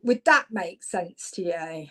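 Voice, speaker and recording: A woman's voice: fairly low pitch, slow, low-quality recording. A woman from Devon, giving chatty live psychic card readings and talking to viewers. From Devon, England. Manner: chatty, warm-hearted, gets louder when excited.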